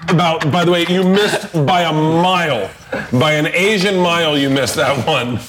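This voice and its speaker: Loud laughing dude hosting a cooking show, crude jokes, noisy background. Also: male voice, fairly high pitch, normal speed. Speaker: host. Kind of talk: casual comedic banter while cooking.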